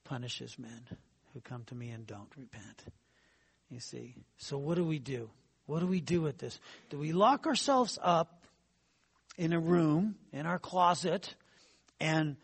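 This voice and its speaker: A man's voice: sits high, normal speed, breathy edge. A man preaching a sermon in a conversational way, often checking in with the congregation, his volume rising and dropping. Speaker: pastor.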